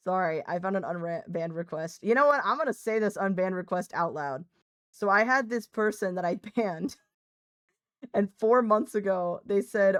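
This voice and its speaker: A woman's voice: mid-range voice, animated, moderate pace, a bit bright, no room sound. A young woman streaming live, chatting casually, laughing often, swearing freely and scolding her cat mid-sentence.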